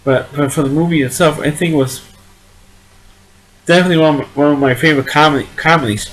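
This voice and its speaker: A man's voice: a little high, fast talker, rough recording. Rambling man reviewing an old movie. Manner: rambling, repeats and restarts words. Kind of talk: casual spoken movie review.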